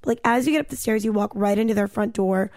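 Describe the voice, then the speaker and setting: A young woman in her twenties telling a story on a casual podcast, animated and fast, full of "like" and swearing. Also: mid-range voice, no echo, clean studio sound.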